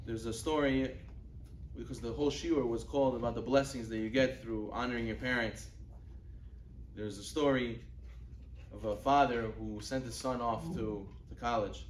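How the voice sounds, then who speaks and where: With a steady tone and long pauses, a rabbi teaches a Torah class a little slowly, sounding far from the mic in an echoey room with a little hiss or hum. He uses storytelling in his sermon-style lecture and acts out quotes, raising his pitch for characters. Hebrew and Yiddish religious terms come up often.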